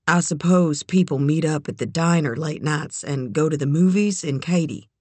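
A woman voicing a shy, polite eighteen-year-old young man in a low, quiet voice. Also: moderate pace, slightly rough, no echo.

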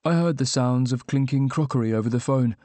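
A man's voice: medium pitch, fairly quick, darkish tone, no room sound. Young male audiobook narrator, wry, dry close mic. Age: young adult. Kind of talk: first-person audiobook narration.

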